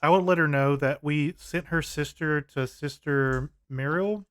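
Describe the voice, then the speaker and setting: A man's voice: a little high, unhurried, no room sound, clean studio sound. A man playing a tabletop game, chatting casually and asking questions. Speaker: player. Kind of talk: casual chat.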